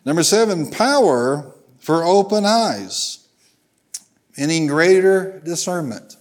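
A middle-aged Southern Illinois pastor preaches in a church sanctuary, telling folksy stories and calling on the congregation to answer him. His voice is a little high, swings widely in pitch, and moves slowly.

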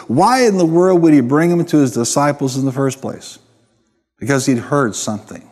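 A man's voice: fairly high pitch, a little mellow, big-room sound. A man preaching a sermon, emphatic, often calling on the congregation to answer. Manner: emphatic, calls for responses from the congregation.

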